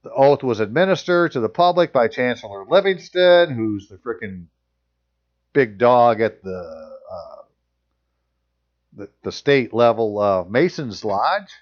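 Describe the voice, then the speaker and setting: A man's voice: medium pitch, big pitch swings, measured pace, dull audio. A man reading passages aloud and commenting on them in casual, sarcastic asides as a channel host.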